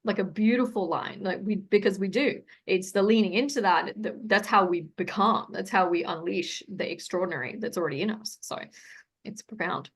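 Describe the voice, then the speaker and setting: A woman guest in casual conversation, telling animated stories, acting out quoted voices and laughing often. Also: medium pitch, moderate pace, slightly rough. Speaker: podcast guest. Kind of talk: casual chat.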